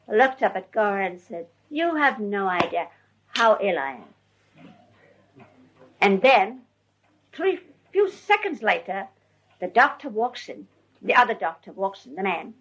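Animated, husky-voiced woman storyteller. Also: medium pitch, poor audio. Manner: animated, often laughing while telling. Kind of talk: recounting memories to an audience.

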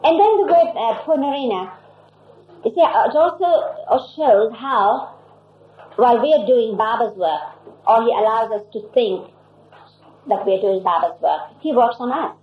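An older woman recalling old stories in a halting, anecdotal way, with many restarts. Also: a little high, expressive. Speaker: storyteller recalling her past. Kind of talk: personal reminiscence. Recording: tinny, echoey, lo-fi recording.

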